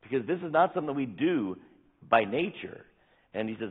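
Husky older man preaching, tinny sound. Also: mid-range voice, expressive. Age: 60s. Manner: earnest preaching, reads scripture slowly with emphasis. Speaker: pastor. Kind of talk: sermon.

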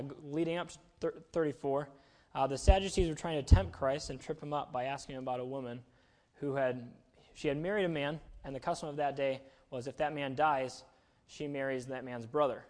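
A man's voice: fairly high pitch, brisk, darkish tone. A young man giving a casual, chatty sermon, self-deprecating and full of fillers. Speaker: preacher.

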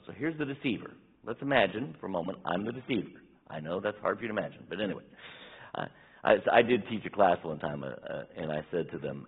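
A man preaching a sermon as pastor, swinging between emphatic raised bursts and quiet asides. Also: deep voice, animated, fast talker, husky. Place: church sanctuary. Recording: tinny phone-like church recording.

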